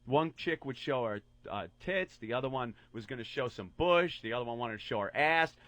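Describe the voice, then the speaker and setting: A man co-hosting a radio show in casual chat, telling a crude story in an animated way and acting out the quotes, on a studio microphone. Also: medium pitch, normal speed, no room sound.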